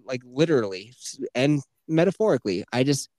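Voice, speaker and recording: A man hosting a podcast, telling a story in casual chat, animated and heavy on profanity. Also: medium pitch, fairly quick, no echo. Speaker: podcast host.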